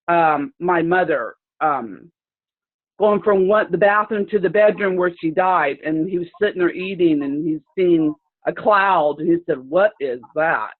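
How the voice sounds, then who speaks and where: Woman telling a story over a tinny call. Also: on the low side. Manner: rambling, halting, with many restarts. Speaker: participant sharing a story. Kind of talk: emotional personal storytelling. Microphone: video call. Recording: tinny phone-like video call audio.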